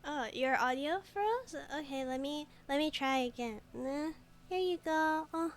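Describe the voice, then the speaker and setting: A woman's voice: high voice, a little slow. A woman streamer chatting and giggling while reading game text aloud, in casual gameplay commentary.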